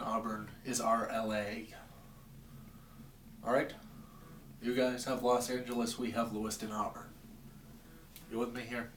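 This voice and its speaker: A man's voice: mid-range voice, roomy sound, far from the mic, slight background noise. A man from Maine rambling in a wry, exasperated rant to his camera from his basement. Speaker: vlogger. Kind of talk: comedic rant vlog. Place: home basement.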